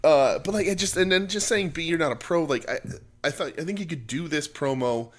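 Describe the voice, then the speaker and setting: A man's voice: on the high side, fairly quick. A man co-hosting a wrestling podcast, chatting casually and rambling with lots of fillers and restarts. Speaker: podcast co-host.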